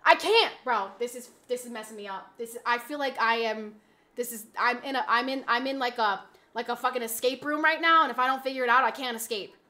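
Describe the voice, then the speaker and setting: A woman live streamer chatting casually, exasperated and rambling, often bursting into loud yelling. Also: a little high, fairly quick.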